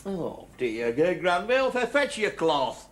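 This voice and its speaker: Stammering shopkeeper. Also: male voice, high voice, sing-song, measured pace. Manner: stutters, dry and sly. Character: stammering, penny-pinching middle-aged male shopkeeper. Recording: hissy old sitcom clip.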